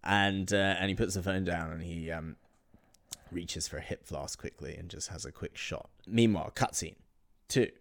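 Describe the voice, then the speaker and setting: A man's voice: low-pitched, normal speed, gravelly. A man co-hosting a comedy podcast, narrating an improvised story in a dry tone and building on his partner's jokes.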